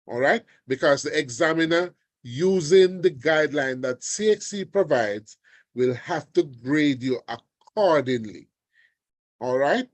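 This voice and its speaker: A man teaching an online exam revision lesson, deliberate and often checking in with his students. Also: on the high side, lively intonation, no room sound. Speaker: language teacher. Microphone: video call.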